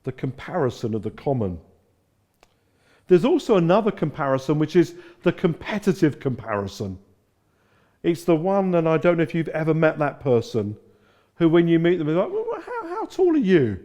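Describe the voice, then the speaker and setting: A man's voice: a little high, animated, moderate pace, mellow. A middle-aged man from England preaching a sermon, telling stories and acting out the quotes. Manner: storytelling with acted-out quotes. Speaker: pastor.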